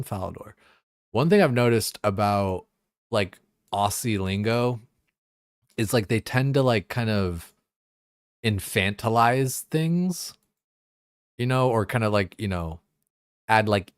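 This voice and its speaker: A low-pitched young man chats loosely over his gameplay, rambling and swearing freely with constant filler words. His voice sits deep and close, recorded dry with no room sound around it. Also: no echo. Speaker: streamer. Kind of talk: casual chat while gaming.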